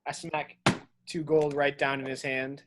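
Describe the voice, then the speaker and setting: A young adult playing a tabletop game, jokey and excitable. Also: medium pitch, unhurried. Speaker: player.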